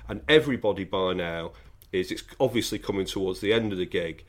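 A man's voice: deep voice, a little fast. A man, co-hosting a podcast and telling a long, wry anecdote in casual chat. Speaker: podcast co-host.

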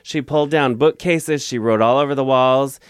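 A man's voice: medium pitch, normal speed, smooth, no echo. A man guest telling a heartfelt family story in a casual interview, earnest and rambling, on a close mic.

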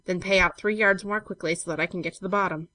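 A woman voicing a grim, quiet gentleman in a told story, speaking slowly and gravely. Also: steady tone, dry recording. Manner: low, quiet, slow and grave.

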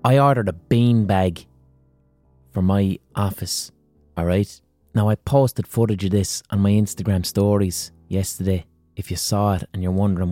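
An Irish podcast host rambles through a profane comic monologue, building jokes out of loose asides and blunt swearing. His low, mellow voice has a relaxed warmth and a normal speed, with no room sound and soft background music.

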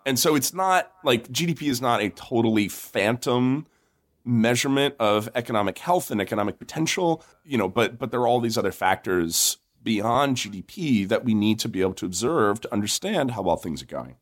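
A man talks through economic ideas in a relaxed, conversational way. His pitch swings widely as he tells stories. He slips into character voices for the people in his jokes. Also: a little fast. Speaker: co-host explaining economics. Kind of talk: casual explanatory chat.

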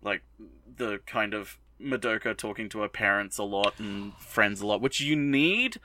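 A man's voice: lowish voice, animated, normal speed, bright, forceful tone, a little hiss or hum. A man co-hosting a podcast, talking about an anime episode in a hesitant, filler-heavy way. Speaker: podcast co-host. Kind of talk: casual anime discussion.

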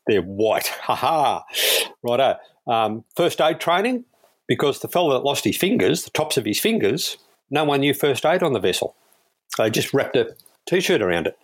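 An Australian man, a police air crewman, telling anecdotes in a relaxed, chuckling way and acting out the people he quotes. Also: medium pitch, moderate pace. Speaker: guest, police airwing crewman. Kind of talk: casual storytelling.

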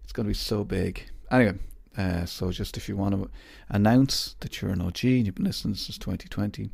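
Gravelly man rambling casually. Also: lowish voice, a little fast, darkish tone, no room sound, clean studio sound. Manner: rambling, self-mocking, jokey. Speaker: podcast host. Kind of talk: casual chat.

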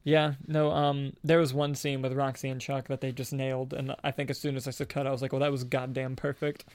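A man's voice: medium pitch, level tone, brisk, a little mellow, clear, resonant tone, dry recording. A young man hosting a casual podcast, rambling and restarting his sentences often, with frequent laughter. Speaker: podcast host and filmmaker.

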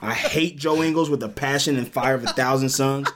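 American comedian, laughing, noisy line. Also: male voice, mid-range voice, a little fast. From United States. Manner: laughing, loose and joking, Southern-tinged "y'all" talk. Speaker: guest comedian. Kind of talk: casual podcast chat.

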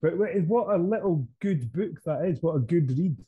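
Husky-voiced man chatting. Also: fairly high pitch, expressive, normal speed, dry recording, narrow, tinny audio. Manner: enthusiastic, repeats praise. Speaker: podcast co-host. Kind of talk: casual chat.

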